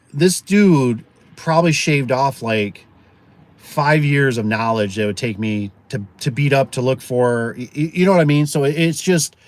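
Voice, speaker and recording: Man, casual livestream host, rambling, restarts, reads comments aloud. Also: mid-range voice. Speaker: garage door business owner, channel host.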